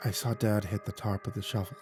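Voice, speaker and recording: A man narrating a first-person horror story in a measured, hushed manner, often dropping quiet. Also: fairly low pitch, level tone, over music.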